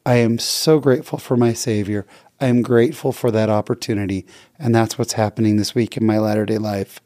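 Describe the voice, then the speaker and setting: A man's voice: medium pitch, no echo, studio quality. A middle-aged man hosting a podcast, sharing a heartfelt personal story in an earnest, casual way. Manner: earnest, heartfelt, with gentle laughs. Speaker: podcast host.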